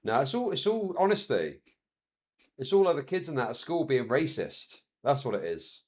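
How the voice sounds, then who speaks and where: A man's voice: medium pitch, normal speed. A man in his thirties chatting casually on a live stream, telling stories with frequent laughs and swearing. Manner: chatty, laughs often, swears, animated storytelling.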